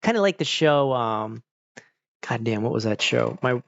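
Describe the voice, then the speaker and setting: Man, casual streamer, rambling chat; gravelly, dry, slightly muffled sound. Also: medium pitch, expressive, normal speed, fairly bright tone. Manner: rambling, laid-back, talks to chat. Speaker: streamer chatting with viewers. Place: home, evening stream.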